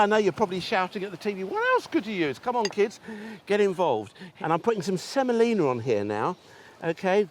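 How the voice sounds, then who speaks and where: A man's voice: on the high side, slight background noise. A man hosting an outdoor cooking show, chatting enthusiastically and talking straight to the viewers as he demonstrates. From England. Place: outdoors on a beach.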